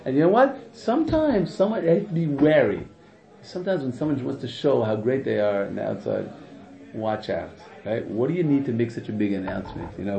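A man teaching a class in an animated, rhetorical way, often asking "right?" and laughing, recorded in an echoey room with dull, lo-fi sound. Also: medium pitch, gravelly. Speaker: religious teacher. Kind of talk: informal classroom lecture.

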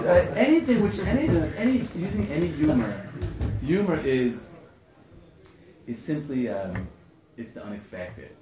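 A man teaching a class in a humorous lecture, repeating phrases and chuckling at his own jokes. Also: medium pitch. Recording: echoey room, muffled, faint hiss.

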